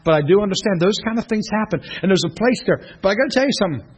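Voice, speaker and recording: A middle-aged man, a pastor teaching a class in a church room, telling stories in an animated way and often laughing. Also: sits high, racing, breathy edge. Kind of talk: preaching to a class. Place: church classroom, streamed online.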